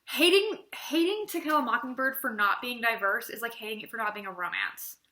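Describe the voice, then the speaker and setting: A young woman giving an opinionated casual book review, animated and chatty, acting out little conversations as she goes. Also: a little high, fairly quick, roomy sound. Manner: animated, chatty, acts out quoted exchanges.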